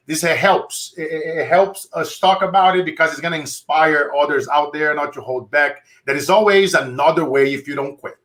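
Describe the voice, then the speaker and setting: Casting: bright, forceful Brazilian-accented man host, preachy motivational delivery. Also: a little high. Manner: preachy, rallying the audience. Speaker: interview host, motivational speaker. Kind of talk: live-streamed interview.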